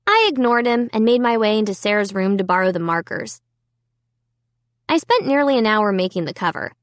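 A woman narrating a children's book in an unhurried, expressive first-person telling. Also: mid-range voice, dry recording. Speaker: audiobook narrator. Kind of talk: storybook narration.

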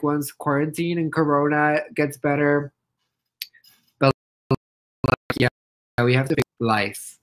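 A young man from Mexico chatting casually on a livestream, reading comments out loud, playful and giggly, and squealing at his pet. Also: on the high side, poor audio. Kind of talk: casual live-stream chat reading comments.

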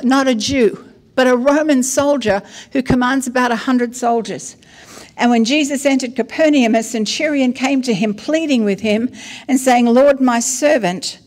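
A middle-aged woman, preaching a sermon as an apostle in a lively, conversational storytelling style. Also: on the high side.

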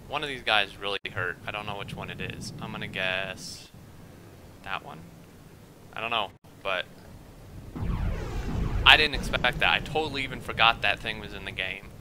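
A young man giving rambling, excitable gameplay commentary at his computer, quick to get worked up. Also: lowish voice, noisy background. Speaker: let's play gamer.

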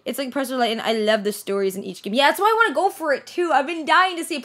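A young adult woman hosting a let's play, chatting excitably and getting easily frustrated at the game. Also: high voice, fast talker, few pauses, a little hiss or hum. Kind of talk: casual gameplay commentary. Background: loud game music.

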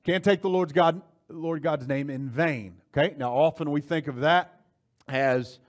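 A man's voice: on the high side, a little slow. A male pastor teaching a Bible study class. He speaks emphatically, checks in often with his listeners, and reads scripture aloud in old-fashioned wording. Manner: emphatic, keeps checking in with "okay?"; animated, rising to forceful emphasis.

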